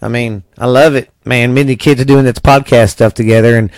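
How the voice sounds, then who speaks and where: A laid-back man from Texas rambles through friendly podcast talk, swearing casually. His pitch is average for a man. The recording is dry and close, with no echo. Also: steady tone, a little fast, darkish tone. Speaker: podcast host.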